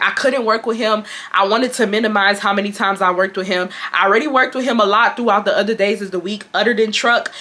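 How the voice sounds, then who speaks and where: Speaking in a fairly high, sharp voice, a young woman from Houston, Texas shares a work story with her viewers. She's a beauty vlogger, and her chat is blunt and casual, full of y'all.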